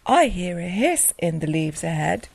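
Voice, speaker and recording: A woman voicing a big, shaggy, easily fooled male monster in a storybook reading, slow and amazed. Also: lowish voice, very animated, creaky, darkish tone, husky, no room sound, heavily acted.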